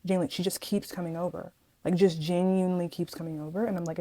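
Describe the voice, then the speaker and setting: A young woman vlogger tells her viewers a storytime, chatty and animated, throwing in dramatic asides and calling them guys. Her lowish voice moves at a quick pace over a rough recording.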